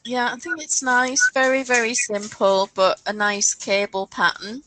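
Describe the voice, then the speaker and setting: A woman's voice: fairly high pitch, fairly even intonation, a little slow, sharp tone, poor audio. A woman co-hosting a casual chat about knitting patterns, thinking aloud and stumbling over designer names. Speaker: podcast co-host.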